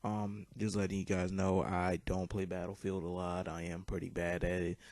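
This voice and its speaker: Deep-voiced teen boy rambling a story. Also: completely flat delivery, moderate pace, a little mellow, no echo. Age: teens. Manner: rambling, swears often, many fillers. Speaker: YouTube commentator. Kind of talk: casual storytelling over gameplay.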